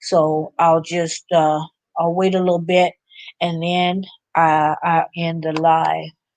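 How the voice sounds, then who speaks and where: A woman's voice: low-pitched, level tone, slow, a little mellow. A woman hosting a casual livestream chat with viewers, chatty and laughing often, sounding a little drained. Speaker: livestream host.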